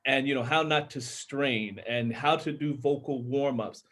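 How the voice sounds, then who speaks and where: A man's voice: medium pitch, measured pace, a bit bright. A man from Minnesota, an author and audiobook narrator, explaining his craft earnestly in casual panel chat, with a tenor voice and many restarts.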